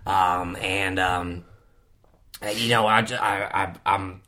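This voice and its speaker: A man's voice: deep voice, steady tone, slow pace, pushed and bright, heavily acted. A man playing a boastful Australian creature wrangler, rambling and hesitant with a put-on Australian accent in an improvised comedy interview.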